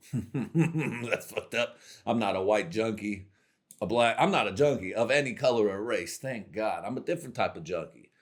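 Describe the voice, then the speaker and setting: Profane, rambling man with a low voice. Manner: profane, rambling, laughs at his own jokes. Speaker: comedy podcast host. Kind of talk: crude comedic monologue.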